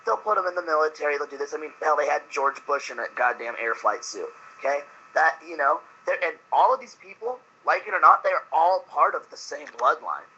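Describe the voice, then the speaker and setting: A man's voice: fairly high pitch, expressive, a little fast, hardly any pauses, pushed and bright, muffled recording, slight background noise. A man in casual talk, blunt and opinionated, swearing freely. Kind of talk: casual chat.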